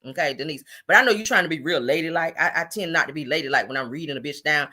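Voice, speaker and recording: A woman hosting a gossip show, talking in a sassy, animated casual way, full of "honey" and "child". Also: low-pitched, racing. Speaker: host.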